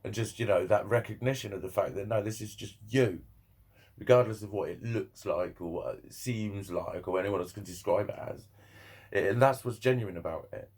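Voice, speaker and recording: A man's voice: fairly low pitch, normal speed, a little mellow, husky. A young man chatting casually to camera, rambling and swearing, laughing often between thoughts. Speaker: vlogger.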